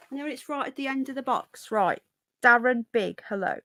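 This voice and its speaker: A woman's voice: on the high side, normal speed, a bit bright. A woman hosting a casual livestream, chatting and greeting viewers by name with a runny nose, a bit unwell. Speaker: livestream host. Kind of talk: casual live chat.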